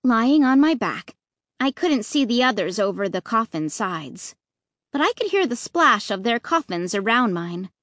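A woman's voice: on the high side, very animated, a little slow, a bit bright, no echo, studio quality. A woman narrating a children's spooky storybook in the first person, expressively. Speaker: audiobook narrator.

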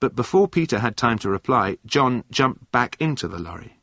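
A man narrating a storybook in a clear reading voice. His pitch sits in the middle but rises and falls with plenty of life. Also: sing-song, moderate pace, fairly bright tone, dry recording. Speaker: audiobook narrator.

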